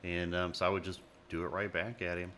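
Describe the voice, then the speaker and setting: Man, casual chat, playful, laughs a lot, lowish pitch, faint background noise. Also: level tone, brisk, sharp tone. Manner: playful storyteller, laughs through his stories. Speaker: restaurant worker.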